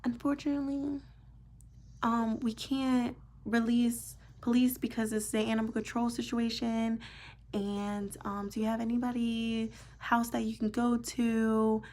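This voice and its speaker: A woman imitating a calm, procedural female emergency dispatcher on the phone. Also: on the high side, unhurried, natural voice. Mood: hushed, procedural. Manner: flat, procedural phone politeness.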